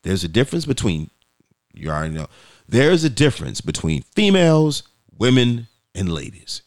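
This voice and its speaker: A man's voice: mid-range voice, big pitch swings, moderate pace. A man co-hosting a podcast, telling stories in a casual, profane way and acting out quoted voices. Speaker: podcast co-host.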